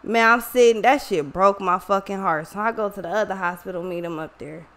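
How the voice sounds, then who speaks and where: A woman's voice: mid-range voice, fairly quick, a bit bright. A woman telling a personal story to her viewers in a casual, emotional, profanity-heavy way. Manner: profane, emotional, slangy, talks to viewers directly. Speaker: online reader and vlogger.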